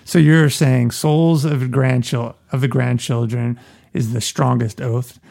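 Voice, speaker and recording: A man's voice: mid-range voice, fairly even intonation, slow, creaky, darkish tone. A man co-hosting a podcast in casual, joking chat, musing aloud as he goes. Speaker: podcast co-host.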